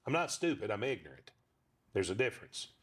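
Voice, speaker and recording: A man in his fifties talking casually as an interview guest, with a middle pitch. He rambles and restarts, slipping jokes into his stories. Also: very animated, brisk, breathy edge. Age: 50s. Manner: rambling storyteller, frequent restarts, joking. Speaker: ventriloquist guest.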